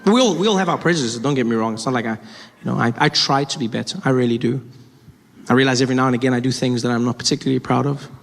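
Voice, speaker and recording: A man's voice: medium pitch, very fast, gravelly. A man performing stand-up comedy, telling stories in a conversational way with self-correcting asides. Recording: live stage mic in a reverberant hall with a noisy crowd.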